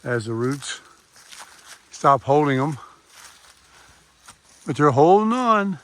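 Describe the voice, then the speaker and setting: A man's voice: a little high, big pitch swings, takes it slowly. Older male trail vlogger, chatty and folksy, camera mic outdoors in the woods. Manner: chatty, talks to viewers while walking. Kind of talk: casual hiking vlog. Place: wooded hiking trail outdoors. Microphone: camera mic, no external microphone.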